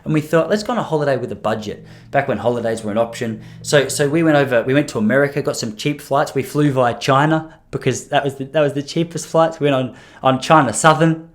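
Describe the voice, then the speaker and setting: A man's voice: medium pitch, fairly quick. Man, thirties, podcast host, casual comedic monologue, rambling, self-deprecating.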